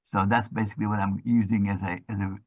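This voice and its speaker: A man talking as a guest in a casual chat, hesitant, halting and restarting. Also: lowish voice, little pitch movement, dry recording, dull audio. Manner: hesitant, many uh fillers and restarts.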